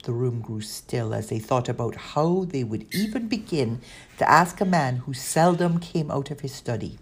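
A woman narrating a children's audiobook in a steady storytelling manner. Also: a bass voice, moderate pace.

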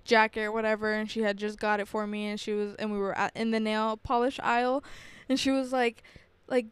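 A young woman co-hosting a casual podcast, telling childhood stories in an animated way and acting out what others said. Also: on the high side, moderate pace, clear, resonant tone, dry recording. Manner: storytelling, animated, acting out quotes. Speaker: podcast co-host. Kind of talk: casual chat.

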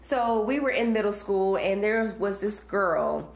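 A woman co-hosts a podcast, telling a story in blunt, profane chat and laughing often. Her pitch moves around a lot. The room has a clear echo. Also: animated, measured pace. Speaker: podcast co-host. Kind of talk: casual chat. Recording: echoey room.

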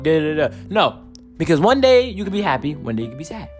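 A man's voice: high-pitched, big pitch swings, fast talker, faint music behind. A young man hosting a casual solo podcast, talking in a rambling, profane way while saying he is tired. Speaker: podcast host.

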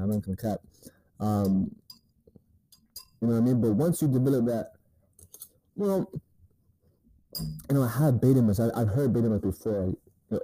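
A man's voice: fairly low pitch, dark tone, dry recording, rough recording. A man giving laid-back, profane dating advice in a rambling casual monologue, often asking "you know what I mean".

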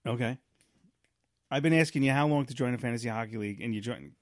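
A man co-hosting a podcast, telling stories in casual chat, rambling and animated with lots of restarts. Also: medium pitch, fast, dry recording, studio quality. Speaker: podcast co-host.

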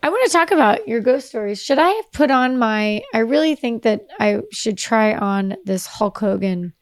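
A woman's voice: a little high, expressive, moderate pace. A woman co-hosting a podcast in casual chat, rambling and trailing off mid-sentence. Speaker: podcast co-host.

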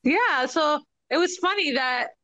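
A woman's voice: sits high, animated, measured pace, pushed and bright. A woman chatting casually with gushing, giggly reactions. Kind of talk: casual chat.

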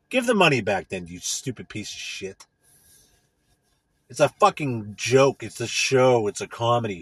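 Animated swearing man ranting. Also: medium pitch, husky, no echo. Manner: rambling, swearing, full of "like" and "you know"; animated, swings between loud bursts and mutters. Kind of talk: profane comedic rant.

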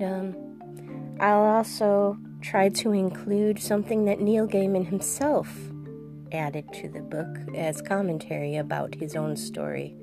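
A woman hosting a podcast reads a story aloud in a gentle, relaxed way. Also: lowish voice, gravelly. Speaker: podcast host reading a story. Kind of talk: storybook narration.

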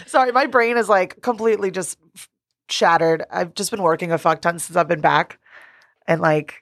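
A young woman co-hosting a casual podcast, telling bar stories in an animated way, laughing often and swearing casually. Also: fairly low pitch, normal speed, pauses often, no room sound, studio quality. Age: young adult. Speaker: podcast co-host; bartender. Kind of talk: casual chat.

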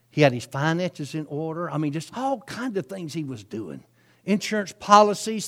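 A male preacher, telling a story in his sermon in a folksy, chatty way with frequent asides. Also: high-pitched.

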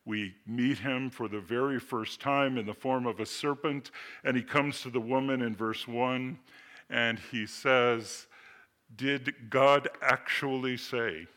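A man preaching a sermon, explaining scripture with slow readings, asides and rhetorical questions. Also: mid-range voice, steady tone, fairly bright tone. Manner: expository teaching, reads scripture slowly, asides and rhetorical questions. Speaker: pastor.

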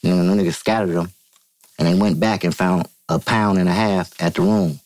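A man from Vallejo, California, telling a story as an interview guest, profane and animated, acting out quotes in a higher voice. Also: a little fast. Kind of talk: casual storytelling.

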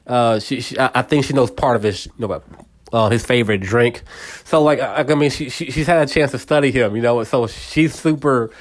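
A man's voice: medium pitch, a little fast. A man hosting a casual solo podcast, retelling a movie scene in a rambling way with many repeats. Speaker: podcast host.

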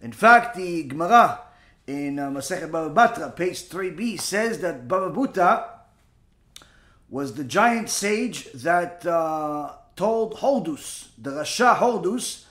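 A man teaching a Torah lesson through lively, animated storytelling with asides and fillers. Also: on the high side, slow. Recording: echoey room.

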